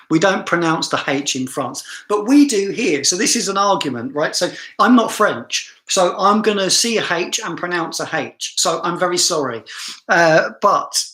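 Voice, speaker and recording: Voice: mid-range voice, animated, a little slow, a bit bright, echoey room. A fragrance reviewer with a southern English accent, chatting through a live stream in a self-mocking way and laughing often.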